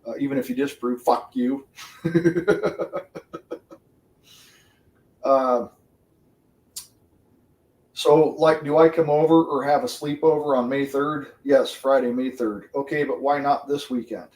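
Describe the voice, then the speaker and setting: This livestream host speaks slowly with long pauses, his medium-pitched voice darkish and fairly even in intonation. He chats casually with viewers, swearing constantly, laughing often and rambling, sounding roomy and distant from the mic.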